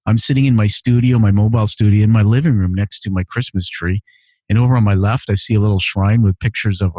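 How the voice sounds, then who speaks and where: Man, podcast host, earnest and emotional, mellow timbre, dry home studio. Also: lowish voice, dry recording. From immigrant to Canada. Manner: earnest, emotional, repeats phrases. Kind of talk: solo podcast reading listener messages. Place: home living room studio.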